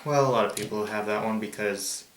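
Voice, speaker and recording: A man with a fairly low voice hosts a loose, joking chat. He reads out a list in a slow, mock-formal drawl. The sound is echoey, as if recorded in a bare room. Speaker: host. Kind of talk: casual comedic chat.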